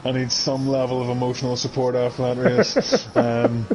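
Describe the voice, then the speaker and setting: A man calls an online sim race live, chatting freely and laughing often as he reads out viewer comments. His voice sits at a middle pitch, with clear background noise on a home streaming setup. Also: flat delivery, moderate pace.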